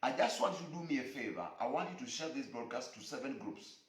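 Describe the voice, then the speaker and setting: A man's voice: mid-range voice, expressive, quick pace, echoey room. A man preaching a sermon broadcast alone, repeating phrases with an emphatic cadence. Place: room alone.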